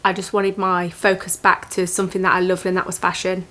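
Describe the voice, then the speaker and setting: A woman, telling a personal story to camera in an earnest, reflective and emotional way, halting with small restarts. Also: fairly low pitch, level tone, bright, forceful tone. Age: 20s. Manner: emotional, motivational. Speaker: vlogger.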